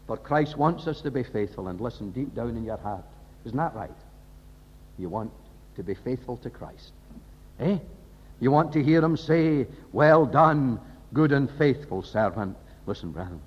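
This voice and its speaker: A man's voice: mid-range voice, animated, a little slow, slightly rough. A man preaching an impassioned sermon, often firing rhetorical questions at the congregation. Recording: dull lo-fi recording in a reverberant hall.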